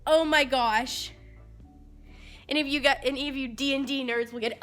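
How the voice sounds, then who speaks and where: A woman filming a casual unboxing vlog on her phone, excitedly talking to her pets. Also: high voice, moderate pace, over music. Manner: excitable, squealing baby talk to her pets. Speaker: vlogger with a service dog. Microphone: phone camera.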